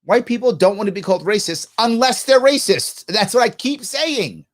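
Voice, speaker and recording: His voice sits high and moves at normal speed as this man hosts a live political talk show. He reads viewer comments aloud and answers them emphatically, often raising questions he then answers himself, in an animated style full of jokey asides.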